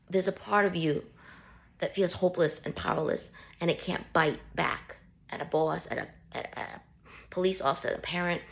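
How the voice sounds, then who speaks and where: A woman speaks in a deep voice with a grainy, creaky edge, coaching her viewers through self-help advice. Her delivery is casual, earnest and repetitive, like a parent talking things through. She records herself on a handheld phone. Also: poor audio. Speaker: parent giving healing advice.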